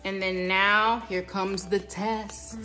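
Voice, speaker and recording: A woman's voice: medium pitch, little pitch movement, slow pace, sharp tone, soft background music. A woman hosting a cooking vlog in her home kitchen, chatting directly to her viewers as she cooks. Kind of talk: casual cooking demo talk.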